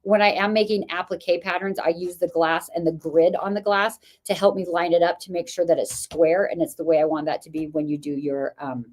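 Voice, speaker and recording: A woman's voice: lowish voice, steady tone, a little fast, few pauses, a little mellow. A woman hosting a live product sale stream, chatty and enthusiastic, and losing her voice. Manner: chatty, enthusiastic sales talk with fillers. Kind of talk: product demo livestream.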